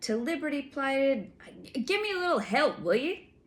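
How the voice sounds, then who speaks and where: A woman voicing a gruff, blustering giant outlaw man with rough old-fashioned speech. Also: sits high, very animated, normal speed, pitched above the performer's own voice.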